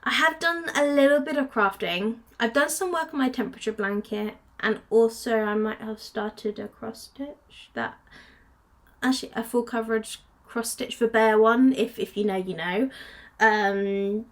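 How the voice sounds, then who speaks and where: Young woman, craft vlogger, casual rambling chat, a touch high-pitched. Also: a little slow. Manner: rambling, with many fillers and restarts.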